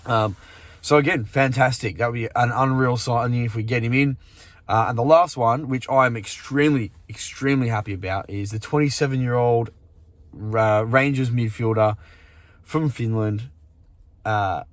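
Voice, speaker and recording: A man hosts a casual fan-channel chat in a sleepy, rambling way. He keeps restarting his sentences and filling pauses. His voice sits at a middle pitch and the sound is dry with no room echo. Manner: rambling, many fillers and restarts. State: sleepy, yawning. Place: outdoors in morning sun.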